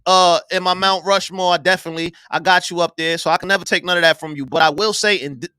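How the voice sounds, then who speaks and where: A man hosting a live online show, ranting loudly and profanely with bursts of yelling. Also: high voice, fast, clear, resonant tone, no echo, clean studio sound, faint music behind. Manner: loud, profane, animated, yelling at times. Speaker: podcast host. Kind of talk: heated live-stream rant.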